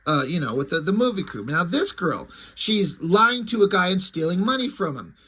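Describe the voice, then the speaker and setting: A man's voice: high-pitched, big pitch swings, moderate pace, sharp tone, husky. A man giving casual, sarcastic and profane commentary while reviewing a comic book, with a rambling way of talking.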